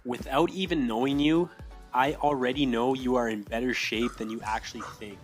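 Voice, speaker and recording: A man giving a steady motivational fitness voice-over. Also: medium pitch, normal speed, faint music behind.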